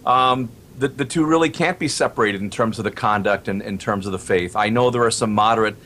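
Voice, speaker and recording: Measured male radio guest. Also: lowish voice, fairly bright tone, slight background noise. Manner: measured, deliberate. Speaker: radio station president. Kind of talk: talk show guest.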